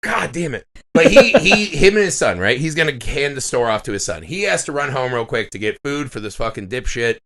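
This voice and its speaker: A man's voice: mid-range voice, a little fast, over a noisy crowd. A man in casual podcast chat, telling stories with lots of swearing. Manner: animated storytelling, swears freely. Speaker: podcast co-host.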